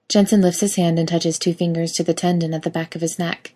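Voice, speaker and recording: A woman's voice: on the low side, level tone, fast, hardly any pauses, a little mellow. A woman narrating a story aloud in a wry, casual reading style. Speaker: reader.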